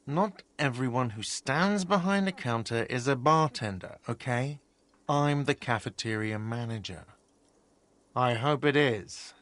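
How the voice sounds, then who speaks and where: A prickly cafeteria manager. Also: male voice, mid-range voice, expressive, a little slow, a bit bright. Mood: indignant. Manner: prickly, indignant. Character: touchy male cafeteria manager, defensive and petty. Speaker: game character. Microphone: studio mic, dry.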